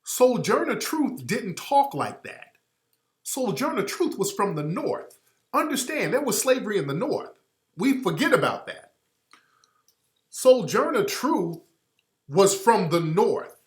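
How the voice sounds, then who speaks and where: This man speaks in a high, sing-song voice, unhurried and broken by long pauses. He's hosting a radio show, giving a blunt, emphatic, impassioned monologue and hammering his points home through repetition, all with a roomy echo.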